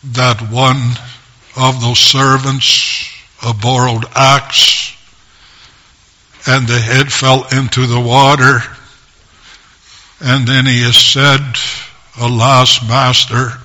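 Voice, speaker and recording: A man preaching a sermon as pastor, in slow, measured short phrases with long pauses. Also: mid-range voice, level tone, sharp tone.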